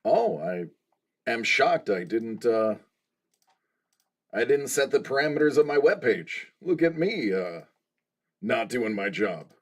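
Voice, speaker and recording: A man hosting a collectibles live stream in casual chat, exclamatory and quick to laugh. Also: mid-range voice. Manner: animated and exclamatory, laughs often.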